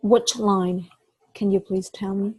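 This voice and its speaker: A woman's voice: mid-range voice, steady tone, takes it slowly, breathy edge, no room sound, poor audio. A woman giving a one-on-one English lesson over a video call, patient, stopping to explain words and correct pronunciation. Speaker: English tutor.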